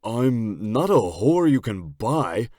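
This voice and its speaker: A man voicing a brash young biker in an audiobook, firing off loud, blunt retorts. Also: mid-range voice, sing-song, slow pace, no room sound, clean studio sound, voice pushed up. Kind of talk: audiobook character voice.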